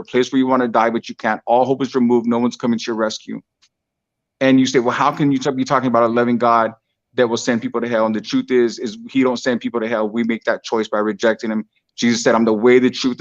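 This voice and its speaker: Earnest preaching man, muffled call audio. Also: medium pitch. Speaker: guest sharing a testimony. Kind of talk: preaching testimony.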